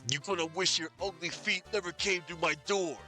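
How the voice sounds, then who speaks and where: A man's voice: high voice, fairly even intonation, a little fast, bright, forceful tone, faint music behind, voice pushed up. A man voicing a menacing male gangster boss with growling, slangy tough-guy threats, while reading a game aloud.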